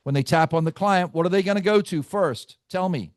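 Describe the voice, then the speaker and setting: A man leading a live team training session, brash and teasing, quizzing his audience with rapid questions. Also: high voice, dry recording, clean studio sound. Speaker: real estate team trainer.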